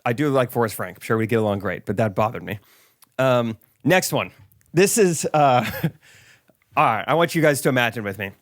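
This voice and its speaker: A man hosting a podcast in casual chat, telling stories in an animated way and laughing often. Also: mid-range voice, a little fast. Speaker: podcast host.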